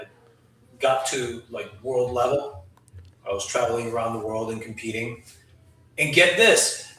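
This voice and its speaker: A man talks casually and explains things in a relaxed way, with a dry joke now and then. His voice has a bright, forward edge. It comes from well back from the mic and rings around a very echoey room. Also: mid-range voice, far from the mic. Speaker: podcast guest, veteran skydiver. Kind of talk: casual podcast conversation.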